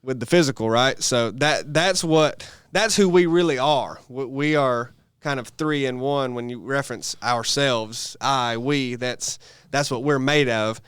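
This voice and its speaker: Man, podcast co-host, explains at length, self-correcting, smooth clear voice. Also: medium pitch, a little slow, hardly any pauses, a bit bright, no echo. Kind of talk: casual chat.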